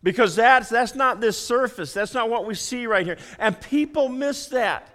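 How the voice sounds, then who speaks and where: A man preaching a sermon as pastor in a church, folksy and animated, often repeating and restarting phrases. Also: very high voice, normal speed. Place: church sanctuary.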